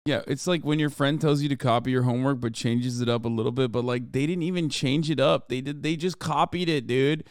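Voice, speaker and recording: A man's voice: mid-range voice, a little fast, few pauses, no room sound, studio quality. Sarcastic, profane man streaming. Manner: sarcastic and profane, mocking asides. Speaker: streamer reacting to news clips. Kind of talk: casual live-stream commentary.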